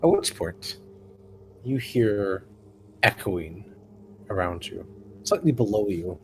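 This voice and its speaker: A man narrating as game master in a tabletop game, describing scenes slowly with fillers. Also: on the low side, expressive, darkish tone, a little hiss or hum.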